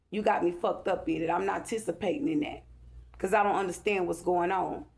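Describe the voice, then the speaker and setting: A woman talking to her viewers in an agitated, profane, repetitive rant. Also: medium pitch. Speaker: vlogger. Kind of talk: angry rambling monologue to camera.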